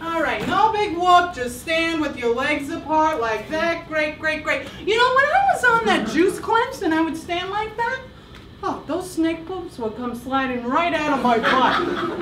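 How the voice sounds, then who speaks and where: An actress plays a bubbly, oversharing airport security agent with a very high, lively voice, rambling on and giggling. It is caught from a distance in an echoey theatre, with noise around it. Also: female voice, measured pace, full character voice. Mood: chatty. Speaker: TSA agent Lockhart. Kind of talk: live sketch comedy on stage. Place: theatre stage with live audience.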